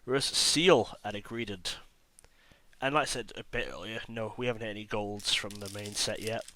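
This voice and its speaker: A man hosting a card pack-opening video, hoarse from illness, chatting and mocking his own voice as he lists each card. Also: on the low side, moderate pace, pushed and bright, slight background noise. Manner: chatty, self-mocking, listing cards as he goes. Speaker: card-opening channel host. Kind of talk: casual pack-opening commentary.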